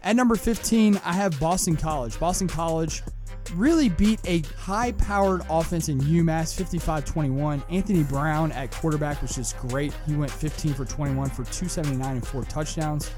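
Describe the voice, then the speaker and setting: A young man from Kentucky hosting a sports podcast, giving an earnest, lively sports talk monologue. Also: a little high. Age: young adult. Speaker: podcast host.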